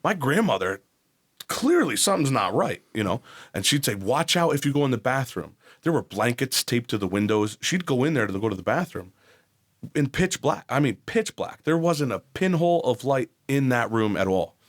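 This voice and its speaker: A man's voice: medium pitch, very animated, normal speed. A man in his forties from New Jersey, a podcast guest telling his life story candidly, blunt and profane. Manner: blunt, profane, acts out quoted voices.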